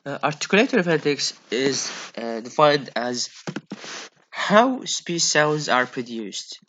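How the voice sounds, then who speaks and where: Slow, hesitant male phonetics lecturer. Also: medium pitch, sing-song, fairly bright tone, slight background noise. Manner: slow, hesitant, many fillers and repeated okays. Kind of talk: classroom lecture.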